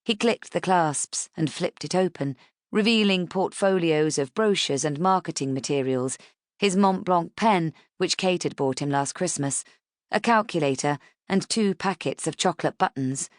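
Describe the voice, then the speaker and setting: A woman narrates an audiobook in a low, measured voice. Her reading is steady and even. The recording is close and dry, with no room sound. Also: no echo. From United Kingdom. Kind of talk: scripted narration.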